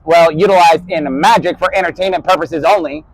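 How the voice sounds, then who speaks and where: A man talking in a rambling spoken-word monologue, jumping between topics and swearing, his voice rising and falling in loudness. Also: fairly high pitch, brisk, no room sound, poor audio.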